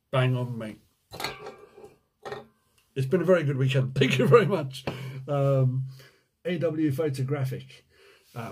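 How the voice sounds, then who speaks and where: Relaxed, husky man with a Jersey accent. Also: mid-range voice. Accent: Jersey, mixed with time in the USA. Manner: chatty and joking, reads questions aloud, hums while scrolling. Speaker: window cleaning business owner answering viewer questions. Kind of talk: casual Q&A vlog.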